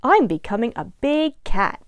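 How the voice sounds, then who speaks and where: A woman's voice: fairly high pitch, sing-song, unhurried, dry recording. A woman voicing a curious, friendly young tiger cub in a children's story, speaking eagerly and innocently. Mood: playful.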